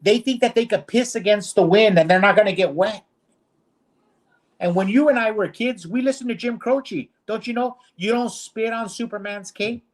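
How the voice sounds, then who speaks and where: A man's voice: high voice, moderate pace. A man co-hosting a streamed talk show, ranting bluntly and indignantly in casual discussion. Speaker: co-host.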